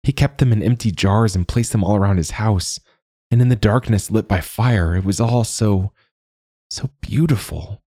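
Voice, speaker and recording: A man voicing a calm, earnest young female recruit in an audiobook story. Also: on the low side, normal speed, husky, no room sound, clean studio sound, voice pushed up.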